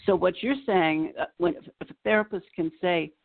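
A woman therapist speaks in a gentle, measured way, often building a point around an everyday example. Her voice has a gravelly, creaky grain. She comes through a tinny, phone-like line. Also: sits low. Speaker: psychotherapist guest. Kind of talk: explanatory interview talk.

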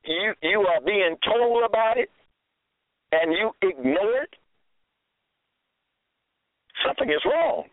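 A man's voice: high voice, animated, takes it slowly, pauses often, no room sound. A man preaching a sermon, exhorting and scolding his listeners and repeating his phrases. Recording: tinny phone-like, dry sound.

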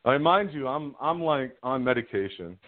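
A man's voice: medium pitch, expressive, normal speed, dry recording. A middle-aged man calling in as a guest, telling a personal story in a frank, rambling way and laughing at himself. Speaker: guest caller. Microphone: phone. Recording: tinny dry phone line.

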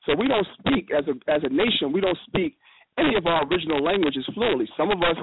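A man speaking as a guest in a casual radio discussion, telling stories with quick, animated quoted dialogue. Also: a little high, vocal fry. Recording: noisy phone line.

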